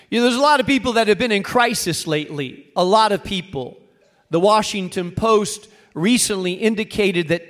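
A man's voice: high-pitched, fairly bright tone. A man preaching a sermon to a congregation, earnest and rising to emphatic peaks. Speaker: pastor.

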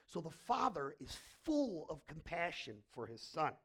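A man's voice: a little high, big pitch swings, measured pace, husky. A middle-aged man preaching a sermon as pastor, telling a story emphatically and asking rhetorical questions.

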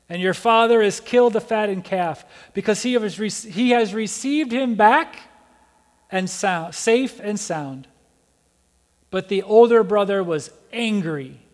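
A male pastor delivers a sermon in a high, animated voice. He slips into the characters' voices as he tells the story. The sound carries the long reverb of a church hall. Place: church sanctuary.

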